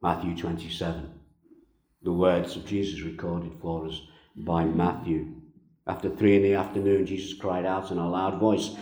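A man preaching a sermon as pastor, slow and emphatic, with pauses and repeated phrases. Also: low voice, little pitch movement, mellow, reverberant, low-quality recording. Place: church.

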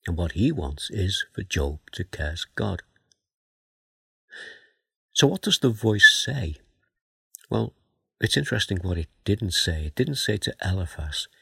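A man giving a Bible teaching sermon, asking questions and reading scripture aloud in a measured way. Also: low-pitched, vocal fry, a bit bright, husky, dry recording. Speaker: preacher.

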